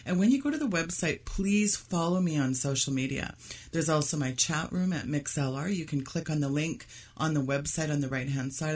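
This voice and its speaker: A woman hosting a radio show, making a steady, announcer-like sponsor appeal and sign-off. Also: low voice. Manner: steady, announcer-like, direct to listeners.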